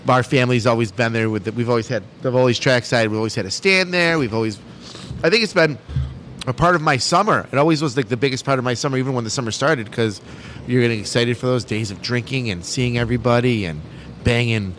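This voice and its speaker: A man's voice: medium pitch, fast talker, fairly bright tone, slight background noise. A man co-hosting a podcast, telling crude stories in casual banter, often laughing and swearing. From upstate New York. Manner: storytelling, profane, laughs often. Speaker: podcast co-host.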